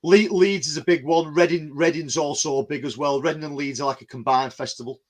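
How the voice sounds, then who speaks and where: A man's voice: a little high, steady tone, brisk. Rambling man chatting. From England. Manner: rambling, many restarts and "you know what I mean". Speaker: podcast host. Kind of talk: casual chat.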